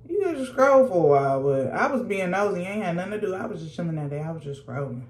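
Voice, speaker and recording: A woman's voice: fairly low pitch, very animated, fast talker, darkish tone, roomy sound. A young woman, telling a sassy, slangy storytime while doing her makeup at home. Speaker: vlogger. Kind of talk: casual storytime chat.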